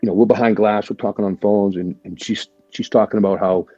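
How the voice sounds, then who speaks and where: A man with a low, husky voice recounts his past in a candid, profane way and peppers it with "right?" His tone is dark and mellow. The audio is dry and a bit dull, with faint music under it. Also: fairly even intonation, a little fast, dry recording. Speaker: podcast guest, military veteran. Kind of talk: casual storytelling.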